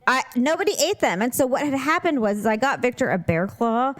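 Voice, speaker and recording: Animated woman in her thirties co-hosting a chatty podcast. her voice sits a bit high and swoops all over as she tells stories and laughs a lot. the sound is dry and close, with no room to it. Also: fairly quick, no room sound. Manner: animated storytelling, laughs often. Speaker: podcast co-host. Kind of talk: casual chat.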